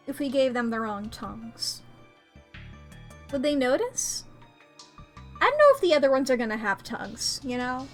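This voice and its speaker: A woman's voice: high voice, sing-song, moderate pace, long pauses, faint music behind. A woman with an American accent chatting playfully to viewers during a live-streamed game. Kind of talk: casual live-stream chat while gaming. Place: home room by a window.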